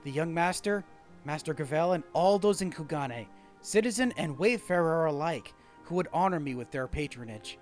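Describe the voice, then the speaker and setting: A man's voice: on the high side, animated, normal speed, soft background music, natural voice. A man reading the lines of an earnest young woman geiko in a video game, formal and heartfelt.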